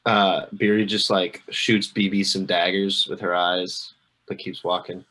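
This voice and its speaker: Low-voiced man, bright tone, tabletop player. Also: level tone, unhurried. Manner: laid back, describes his character's actions. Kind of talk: casual game chat.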